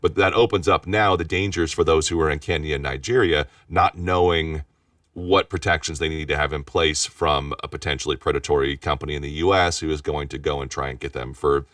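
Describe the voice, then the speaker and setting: A man with a very deep voice talks quickly, tumbling through restarts and repeated words. He sits back from the microphone, so he sounds distant, though the sound stays dry and free of room echo. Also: fairly even intonation, a bit bright. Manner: rapid talker with frequent restarts and repeated words. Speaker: interview guest, voice actor and studio owner. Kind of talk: casual conversational interview.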